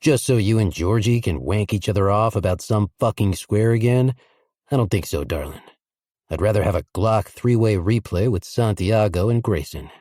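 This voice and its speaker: A man voicing a cocky, crude, smooth-talking crime boss with a low seductive drawl, in audiobook dialogue. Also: moderate pace, a little mellow, dry recording, studio quality, natural voice. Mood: teasing. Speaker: audiobook voice actor.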